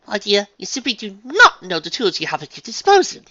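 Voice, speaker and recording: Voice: medium pitch, wildly swooping pitch, fairly quick, bright, forceful tone, no room sound, voice pushed up, exaggerated voice. A reader voicing a refined, dramatic unicorn dressmaker mare who talks in a posh, gushing, theatrical way, on a dull lo-fi recording. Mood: persuasive.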